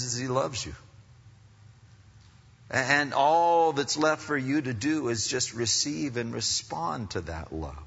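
Animated preacher man in a reverberant hall. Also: a little high, husky. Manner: animated, swings from loud emphasis to soft asides. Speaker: pastor. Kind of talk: sermon. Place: church hall. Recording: dull sound, long hall reverb.

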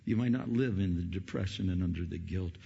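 Gravelly preacher man in a reverberant hall. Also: a little fast, highs cut off. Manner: impassioned, rising to loud questions, then dropping low and soft. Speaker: pastor. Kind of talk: evangelistic Christmas sermon. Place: church sanctuary.

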